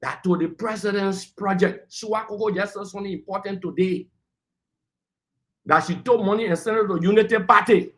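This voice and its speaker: A man's voice: high-pitched, normal speed, fairly bright tone. A man, arguing heatedly as a panelist on a political talk show and lecturing the people who cut in. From Liberia. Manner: combative, lecturing, talks over interruptions.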